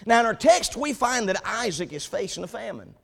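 Animated high-voiced preacher. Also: male voice, fairly quick, creaky. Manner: animated storytelling, building to emphasis. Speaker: pastor. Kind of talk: sermon.

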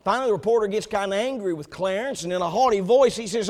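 A man preaching a sermon, telling a story with animated build-ups before turning to the scripture text. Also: sits high, fast. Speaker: pastor.

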